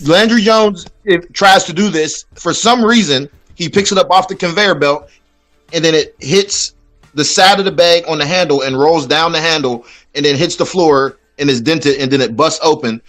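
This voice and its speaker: A man with a notably high voice rants through casual sports talk, swearing freely and getting worked up. Faint music plays underneath. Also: normal speed. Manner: profane, ranting, animated. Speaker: podcast host.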